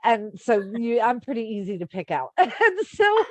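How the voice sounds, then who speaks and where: A woman author in casual conversation, animated and quick to laugh as she gushes about readers. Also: mid-range voice, no echo. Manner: animated, laughs often, gushing. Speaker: author guest. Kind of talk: casual chat.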